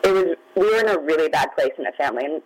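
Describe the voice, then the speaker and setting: A woman's voice: sits low, animated, very fast, darkish tone, low-quality recording. Middle-aged woman guest, candid, emotional, holding back tears. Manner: open, candid, near tears at times. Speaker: guest, magazine founder. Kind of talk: emotional personal storytelling.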